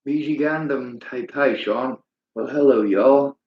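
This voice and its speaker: A man's voice: mid-range voice, a little slow. Man, livestream host, bitter preachy rant, reads chat, roomy echo, muffled lo-fi audio. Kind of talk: livestream monologue reading chat comments. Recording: roomy, dull lo-fi sound.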